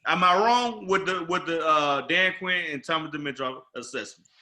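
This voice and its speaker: High bright-voiced man ranting. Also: normal speed. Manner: emphatic, rambling rant. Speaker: podcast host. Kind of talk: casual sports talk.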